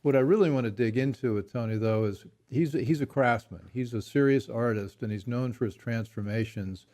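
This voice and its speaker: A man hosting an interview show, introducing his guest in a measured, admiring way. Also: medium pitch, warm tone. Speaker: host.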